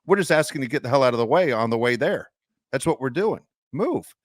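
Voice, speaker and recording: A man's voice: mid-range voice, animated, quick pace, no echo, studio quality. A man hosting a sports podcast, emphatic and sarcastic. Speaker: podcast host. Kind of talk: casual podcast chat.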